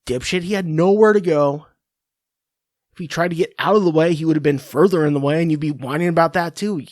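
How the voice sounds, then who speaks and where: This podcast host, talking sports from his home office, delivers a brisk, crude and sarcastic tirade into a computer mic. His voice is a little high and slightly mellow, captured cleanly with no echo.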